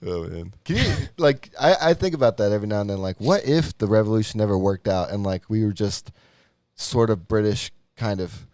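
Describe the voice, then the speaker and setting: A man's voice: fairly low pitch, animated, fairly quick, a little mellow, no room sound. An American man co-hosting a podcast, chatting loosely and joking with many fillers. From United States. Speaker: podcast co-host. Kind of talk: casual chat.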